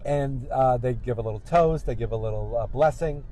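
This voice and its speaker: A man's voice: medium pitch, normal speed, warm tone, rough recording. A man hosting a podcast, chatting casually while driving and recapping an episode in a rambling way. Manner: rambling, acts out quotes in raised voices. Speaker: podcast host. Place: car.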